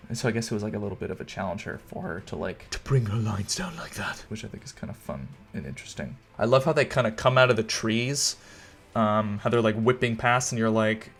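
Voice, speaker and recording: A young man tipsy and rambling, giving a casual, swearing, gushing commentary on a film with many fillers. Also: on the low side. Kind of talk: casual movie commentary over footage.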